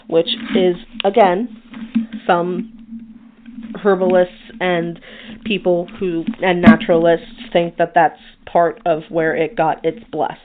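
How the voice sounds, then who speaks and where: A woman hosting a podcast in casual chat, reading from her notes. She is chatty and self-deprecating and stumbles over hard names. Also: on the low side. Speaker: podcast host. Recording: tinny phone-like sound.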